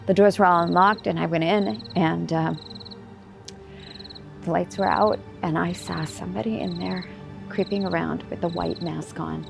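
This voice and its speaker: A woman's voice: lowish voice, fairly even intonation, normal speed, vocal fry. An actress playing a frustrated, sarcastic mother in a film drama. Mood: shaken. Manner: defensive, clipped and sarcastic. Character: frustrated middle-aged mother named Erin. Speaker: actor. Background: film score music.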